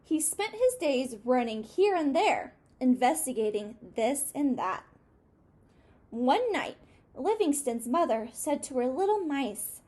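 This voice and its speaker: A woman reading a children's picture book aloud, high-voiced and lively, who pauses to ask her listeners questions. She keeps an unhurried pace and lets her voice rise and fall with the story.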